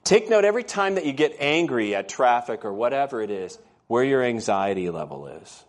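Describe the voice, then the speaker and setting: Man, pastor, conversational sermon, storytelling, asks questions, mid-pitched voice. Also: very animated, fairly quick. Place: church.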